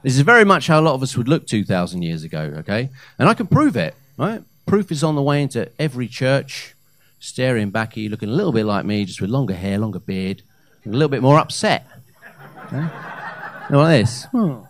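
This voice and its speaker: Animated man doing live stand-up. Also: mid-range voice, fairly quick. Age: 30s. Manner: animated, with hesitant fillers and loud punchlines. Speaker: stand-up comedian. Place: comedy club stage. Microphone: handheld stage mic.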